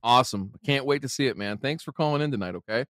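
A man's voice: mid-range voice, fast talker, fairly bright tone, no echo, studio quality. A man hosting a live lawn-care call-in show, joking and brash and casually swearing. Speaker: host taking calls.

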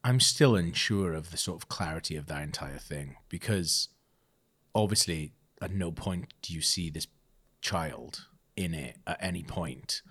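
A man from Wales, co-hosting a casual film podcast in a rambling, animated way. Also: deep voice, unhurried, breathy edge. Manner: rambling, animated, with many restarts. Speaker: podcast co-host.

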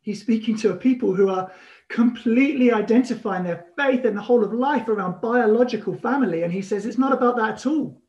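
Pastor, man, high-pitched, animated storytelling sermon delivery. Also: highs cut off. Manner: animated, storytelling with emphatic pauses.

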